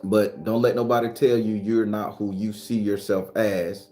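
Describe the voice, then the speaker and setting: A man's voice: lowish voice, steady tone, normal speed, warm tone. A man hosting a casual live stream, talking loosely and profanely to his viewers. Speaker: spiritual live-stream host. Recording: roomy echo, faint music behind.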